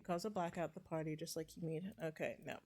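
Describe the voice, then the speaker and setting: A woman's voice: deep voice, fairly even intonation, quick pace, a little mellow. A woman streaming a game, reading the dialogue aloud between chatty asides. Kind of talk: casual gameplay commentary.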